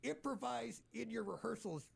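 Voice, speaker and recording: High, gravelly teasing male host. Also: normal speed. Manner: teasing, animated and rambling. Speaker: podcast host. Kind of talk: casual chat.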